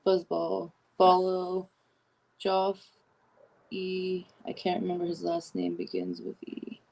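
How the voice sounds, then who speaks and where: A woman's voice: fairly low pitch, slow, gravelly, dark tone, low-quality recording. A woman co-hosting a casual livestream, reading out viewer comments in an offhand way. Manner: reads out chat messages offhandedly. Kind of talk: casual live-stream chat.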